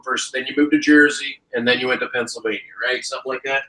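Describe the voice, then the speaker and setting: A man's voice: medium pitch, fairly even intonation, fairly quick, few pauses, sharp tone, rough recording. A man hosting a casual chat show, rambling and joking, sometimes breaking into sarcastic rants. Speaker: podcast host.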